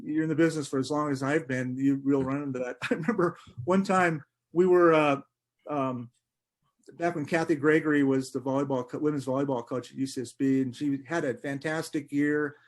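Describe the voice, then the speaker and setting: A middle-aged man, a sports writer, telling animated anecdotes in a podcast interview, laughing often and restarting sentences. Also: a little high, a little fast.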